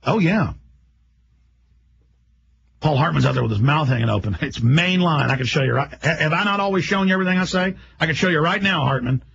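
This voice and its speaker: A man hosting a radio show, delivering a rapid, emphatic, rambling monologue. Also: fairly high pitch, animated, creaky, fairly bright tone, husky, dull audio.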